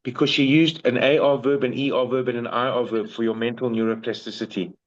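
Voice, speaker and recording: A man with a South African English accent tutoring Spanish one-on-one in a casual, slangy, animated way. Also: mid-range voice, a little fast, highs cut off. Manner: slangy and animated, calls people bro. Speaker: Spanish teacher.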